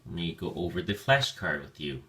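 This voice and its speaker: Deep-voiced man teaching vocabulary slowly. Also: sing-song, sharp tone. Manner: slow, careful enunciation of words. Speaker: ESL teacher. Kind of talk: vocabulary lesson narration.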